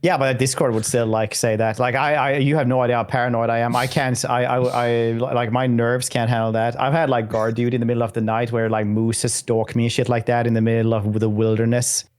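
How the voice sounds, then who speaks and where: Hesitant European man, mid-pitched. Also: flat delivery, fairly quick, hardly any pauses, darkish tone. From mainland Europe. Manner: hesitant, many fillers and restarts. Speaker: podcast co-host. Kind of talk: casual gaming podcast chat.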